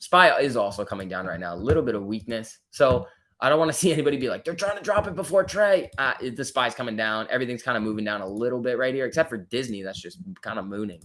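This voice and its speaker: A man's voice: mid-range voice, a bit bright. Male stream host, mid-range voice, casual, joking, talks straight to chat. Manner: chatty, reads viewer comments aloud and answers them; joking, lightly teasing. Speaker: livestream host.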